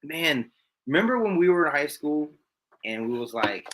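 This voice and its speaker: A man, a guest on his brother's podcast, telling stories in an animated way and acting out quotes. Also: fairly high pitch, moderate pace. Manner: animated storyteller, acts out quotes. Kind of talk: casual conversation.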